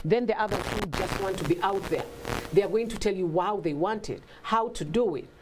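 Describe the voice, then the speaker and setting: A woman guest in a casual talk, telling stories with lively acted-out quotes and frequent laughter. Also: mid-range voice, fairly quick, background noise. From Africa. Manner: animated storytelling, acts out quotes, laughs often. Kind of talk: casual conversation.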